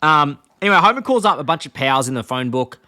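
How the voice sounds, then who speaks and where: Talking fast with a bright, forceful tone, this animated young man co-hosts a podcast and rambles through episode recaps. Whenever he retells a scene, he acts out the quotes with leaps in pitch and keeps laughing.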